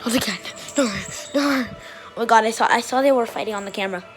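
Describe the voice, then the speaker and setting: A woman chatting excitedly while filming her playful puppies, often gasping and exclaiming. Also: a little high, quick pace, soft background music. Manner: excitable, shrieks and gasps, keeps exclaiming. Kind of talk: casual excited commentary.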